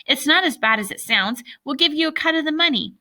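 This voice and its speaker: A woman's voice: a little high, expressive, moderate pace, creaky, bright, forceful tone, heavily acted. A woman voicing a desperate, pleading schoolboy in a storybook reading. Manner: pleading, urgent. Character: desperate boy schemer, pleading.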